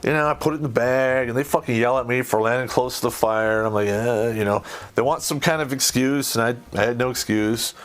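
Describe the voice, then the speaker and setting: A middle-aged man, host of a podcast, telling a rough, profane story from his army days in a blunt, swearing manner that gets animated when he acts out scenes. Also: medium pitch, a little fast.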